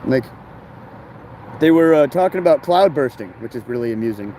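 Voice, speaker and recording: A man's voice: medium pitch, expressive, normal speed, warm tone, slight background noise. A man talking in a rambling, casual monologue full of slang and fillers about life on the road. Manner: meandering, filler-heavy, laid-back slang.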